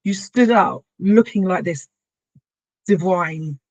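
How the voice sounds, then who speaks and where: A woman's voice: fairly low pitch, takes it slowly, dry recording. A woman talks with open enthusiasm, recalling a birth she attended. The sound is a little dull and lo-fi, and dry, with no room around her. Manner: warm, effusive storytelling. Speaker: doula and podcast host. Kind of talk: casual conversation.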